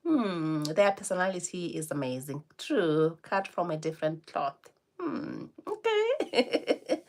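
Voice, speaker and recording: A woman's voice: low voice, moderate pace, a little mellow. A woman in her forties from Botswana hosting a casual livestream, chatting with viewers and laughing often between remarks. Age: 40s. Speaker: livestream host. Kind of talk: casual livestream chat, answering viewer comments.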